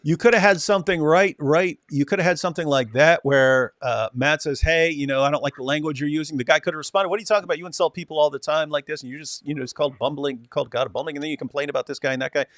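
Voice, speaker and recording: A man's voice: on the high side, fairly even intonation, rapid-fire, few pauses, a bit bright, dry recording, clean studio sound. A man co-hosting a casual reaction chat, telling stories and acting out the lines of others. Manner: storytelling, acts out quoted dialogue. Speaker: co-host.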